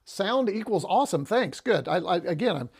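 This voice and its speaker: Chatty man with a gravelly voice. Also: sits high, sing-song, normal speed. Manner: chatty, rambling, with frequent "uh" and restarts. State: a little out of breath. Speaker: livestream host. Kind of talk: casual livestream chat. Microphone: lapel mic.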